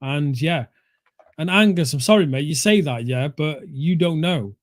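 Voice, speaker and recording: A man's voice: fairly high pitch, a little slow, dry recording. A man talking football on a fan show, blunt and opinionated, calling people mate. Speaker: co-host of a fan talk show. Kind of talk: casual football chat.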